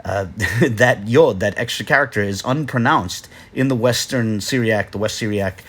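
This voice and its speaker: A man narrating an explainer lesson in a measured, explanatory way, pausing often with filler sounds. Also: lowish voice, a bit bright. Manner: measured, explanatory, with frequent "uh" pauses. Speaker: video lecturer.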